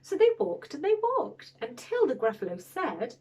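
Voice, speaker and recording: A woman reading a picture book aloud to children, expressive, with gasps and exclamations. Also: a little high, normal speed, hardly any pauses, breathy edge. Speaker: storyteller for children.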